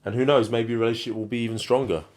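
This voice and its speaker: A man co-hosting a casual podcast, calm, steady and reassuring. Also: medium pitch, very fast. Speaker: co-host.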